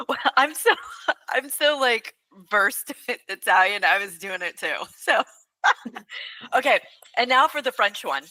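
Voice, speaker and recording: Bright, hesitant podcast woman. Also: on the high side, expressive, measured pace, dry recording, poor audio. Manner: hesitant, repeats her starts, giggles. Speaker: podcast co-host. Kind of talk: casual chat.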